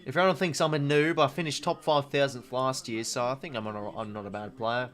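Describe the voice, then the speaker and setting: A man's voice: medium pitch, steady tone, brisk, a bit bright. A man around twenty with an Australian accent, hosting a casual live watch-along stream, chatting loosely and reading out viewer comments. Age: 20s. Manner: chatty, reads viewer comments, says "mate" often. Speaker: livestream host.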